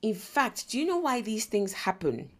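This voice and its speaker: A woman in her forties with a Nigerian English accent hosts a faith-based parenting podcast. She tells stories in an animated way, acting out the lines of the people in them. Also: medium pitch, moderate pace. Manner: animated storyteller who acts out quotes and laughs often. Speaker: podcast host.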